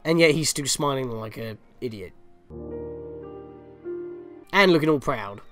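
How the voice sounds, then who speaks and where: Rambling, excitable gaming commentator man. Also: mid-range voice, measured pace, faint music behind. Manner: rambling, laughing, easily exasperated. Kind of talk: casual game walkthrough commentary.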